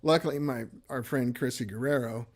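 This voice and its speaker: A man's voice: medium pitch, brisk. A man hosting a casual livestream, rambling and laughing as he reads viewer comments aloud. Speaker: livestream host and guitarist.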